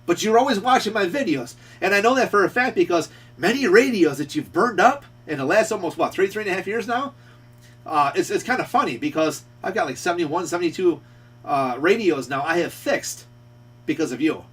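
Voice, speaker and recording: A man's voice: high voice, expressive, brisk, a bit bright, husky. Scolding man ranting, slightly distant mic. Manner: confrontational, scolding, repeats himself. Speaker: radio repair shop owner. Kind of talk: ranting call-out video.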